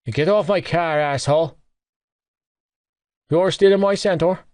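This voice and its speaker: A man voicing a drunk, boisterous young rugby player who talks loud and overeager. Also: a little high, lively intonation, normal speed, no echo, studio quality, pitched above the performer's own voice, natural voice. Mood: rowdy.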